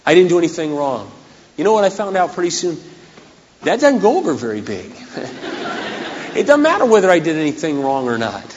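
A man preaching a sermon as pastor, dramatic and humorous, acting out scenes, his voice going hoarse. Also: on the high side, animated, fairly quick. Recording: echoey hall on dull lo-fi recording.

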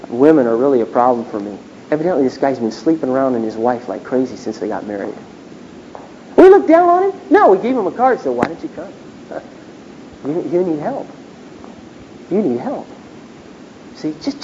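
A pastor delivers a chatty, story-driven sermon, slipping into the voices of people he talks about. His voice is mellow and dark. The recording is dull and lo-fi with a faint hiss behind it. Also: on the high side. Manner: conversational, storytelling, acts out dialogue.

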